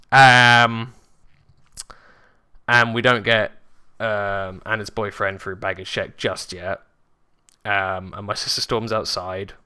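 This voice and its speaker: A man, candidly telling a personal story in a vlog, halting with fillers and swearing often. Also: lowish voice, sharp tone, clean tone. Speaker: vlogger.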